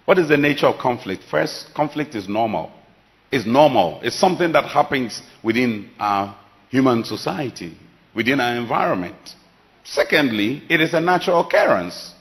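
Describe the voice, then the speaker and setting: A middle-aged man preaching a sermon, emphatic and dramatic, his volume rising and falling sharply. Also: mid-range voice. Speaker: pastor.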